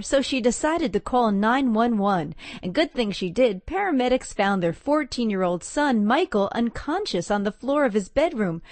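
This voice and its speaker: A woman reporter reading a scripted radio story in a clear, measured way. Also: mid-range voice, a little mellow, dry recording. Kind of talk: scripted news segment.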